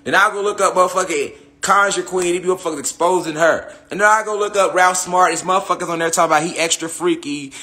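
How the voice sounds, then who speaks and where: A young man ranting to his followers with heated, profane energy, circling back to the same points and asking "you hear me?" again and again. His voice sits a little high and sounds bright and forward. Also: quick pace, few pauses. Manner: heated, repetitive, profane, with rhetorical tag questions. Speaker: online spiritual commentator. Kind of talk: profane monologue rant.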